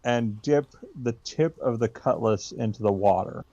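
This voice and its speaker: A man's voice: medium pitch, unhurried, warm tone, dry recording. A man playing a tabletop game, thinking aloud and hesitating as he describes his moves, on a dull lo-fi mic. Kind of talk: casual play and banter.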